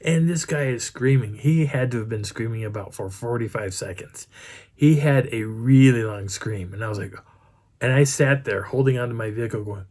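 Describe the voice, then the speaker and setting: A middle-aged man casually retelling a night-time field encounter in rambling, animated first person, with frequent restarts. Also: mid-range voice, normal speed, slight background noise. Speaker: Bigfoot researcher telling a field story.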